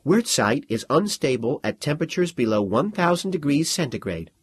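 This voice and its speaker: A man's voice: mid-range voice, big pitch swings, moderate pace, breathy edge, voice pushed up. Man reading as a sardonic young woman student. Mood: steady, defiant. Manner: sardonic, coolly precise. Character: sharp-witted defiant young woman student.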